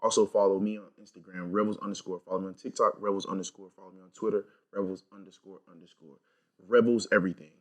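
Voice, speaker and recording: A man's voice: low-pitched, level tone, quick pace. A young man co-hosting a podcast in casual chat, telling a story emphatically and swearing freely as he vents. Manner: emphatic, profane, venting storyteller. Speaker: podcast co-host.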